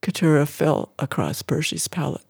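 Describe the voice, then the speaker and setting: A narrator giving an expressive, emotive audiobook reading of a story. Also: mid-range voice, normal speed, vocal fry, breathy edge, no echo, clean studio sound.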